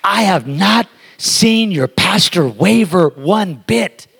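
Speaking slowly in a high, expressive voice that's gravelly, a bit bright, and breathy at the edges, a guest preacher addresses the congregation emphatically. The church sanctuary gives the recording a large hall's long reverb.

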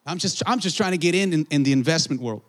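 A man preaching a sermon, telling a story in an animated way, acting out the voices of others and calling out to the congregation. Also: a little high, quick pace. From Southern California. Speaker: pastor.

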